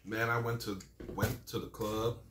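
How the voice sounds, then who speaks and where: A man's voice: on the low side, level tone, normal speed, reverberant, noisy background. A man in his forties chatting casually while eating, rambling through an old story and sometimes talking with his mouth full. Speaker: mukbang vlogger.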